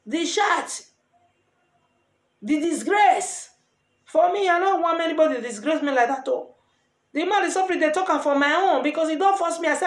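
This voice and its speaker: A middle-aged woman with a Nigerian Pidgin English accent, earnestly giving lively advice in a casual vlog. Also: sits high, moderate pace, pauses often. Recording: echoey room.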